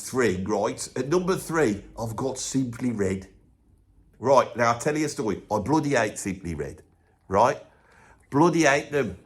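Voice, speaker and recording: In a comedic character monologue, a man plays a boastful, blustering sixty-something from Birmingham, thick accent and all, ranting directly at the camera. He swears nonstop, trips over his words and starts sentences again. His voice is husky and sits a little above the typical male range.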